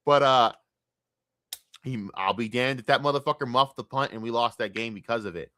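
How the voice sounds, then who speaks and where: A young man streaming a casual, profane and rambling sports rant, talking excitedly. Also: medium pitch, moderate pace, no echo, studio quality.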